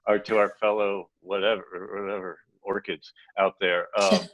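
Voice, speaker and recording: A man's voice: sits low, little pitch movement, normal speed, a bit bright, dry recording, dull audio. A man co-hosting a casual podcast, advising on the music business in a rambling, playful way with many restarts.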